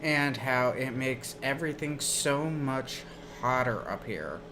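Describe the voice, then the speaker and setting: Slow-talking man telling stories. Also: medium pitch, noisy background. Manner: slow rambling storytelling. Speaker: streamer. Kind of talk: casual chat while gaming.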